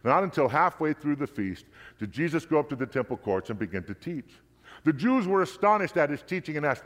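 A man reading scripture aloud with steady, measured narration. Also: fairly high pitch. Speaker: scripture reader. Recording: long hall reverb.

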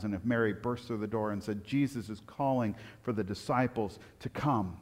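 A man preaching a sermon, telling stories with lively swings from loud excitement to quiet reflection. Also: fairly low pitch, moderate pace, hardly any pauses, long reverb tail. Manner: animated storytelling, rising loud for anecdotes, dropping soft for reflection. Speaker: pastor.

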